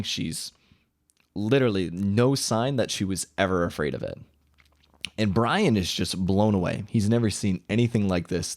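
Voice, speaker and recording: A man's voice: deep voice, no room sound, studio quality. A man casually retelling a story from a book, rambling and correcting himself as he acts out quoted dialogue.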